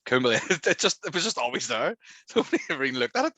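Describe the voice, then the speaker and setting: A young Northern Irish man chatting as a podcast guest, rattling through his stories at a fast clip with a lower, bright and forceful voice. He laughs readily as he tells them, and the sound is close and dry, with no room around it. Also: no room sound. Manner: animated storytelling, quick laughter. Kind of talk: casual chat.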